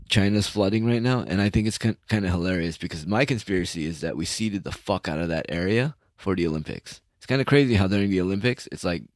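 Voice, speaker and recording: Deep-voiced man ranting, casual and profane. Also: a little mellow, no echo, studio quality. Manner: profane, sarcastic, with trailing uhs. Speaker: solo podcast host. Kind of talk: casual rambling monologue.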